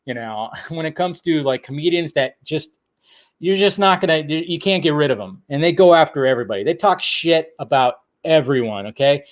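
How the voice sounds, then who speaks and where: A man hosting a casual movie news commentary, blunt, swearing freely and laughing often. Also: on the high side.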